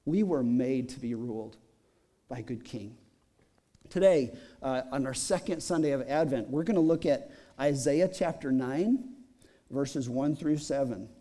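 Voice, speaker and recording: A man's voice: mid-range voice, a little slow, warm tone. A middle-aged man preaching as a pastor in a church, telling a story in a chatty way with many fillers. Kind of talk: sermon.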